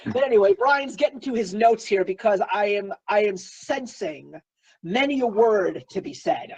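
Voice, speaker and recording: A woman's voice: medium pitch, expressive, moderate pace, a little mellow, husky, poor audio. A woman co-hosting a casual film review chat, playful and teasing. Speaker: co-host of a film review show.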